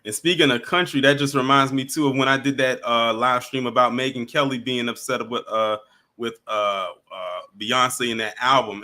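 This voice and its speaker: A man's voice: medium pitch, moderate pace. A man hosting a live stream, chatting casually and taking callers one by one. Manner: relaxed, chatty, laughs along with callers.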